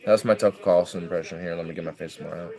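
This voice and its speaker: A man's voice: deep voice, fairly even intonation, quick pace, crowd noise. A man streaming a game, joking and swearing as he reacts. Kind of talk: casual gaming commentary.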